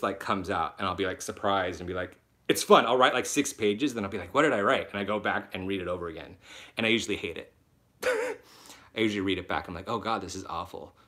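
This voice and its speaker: A man hosts a live stream from home, reading out viewers' comments and answering them in a chatty, animated way, with quick asides and self-mocking laughs. His voice sits on the low side but has a bright, forward edge. He is a little under the weather, and he talks into a laptop mic. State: a little sick. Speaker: web series creator and host. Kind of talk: live Q&A stream, casual chat.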